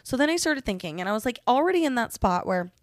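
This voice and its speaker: A woman's voice: on the high side, very animated, quick pace, dry recording, studio quality. A young woman hosting a podcast, venting candidly and casually with frequent swearing and lots of "like". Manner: candid, profane, heavy use of "like". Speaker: podcast host.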